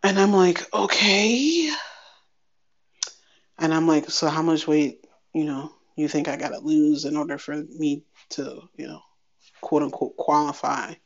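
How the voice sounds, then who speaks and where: A woman giving a candid personal update on her podcast, chatty and wry, acting out bits of a conversation in quick animated bursts. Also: deep voice. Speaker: podcast host. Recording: slightly dull lo-fi sound.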